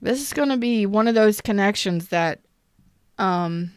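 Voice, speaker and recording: A woman's voice: mid-range voice, expressive, unhurried, smooth, no room sound, clean studio sound. A woman giving a live-streamed tarot reading who talks candidly and swears freely, greets viewers in the chat, and speaks with strong emotional intensity. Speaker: tarot reader.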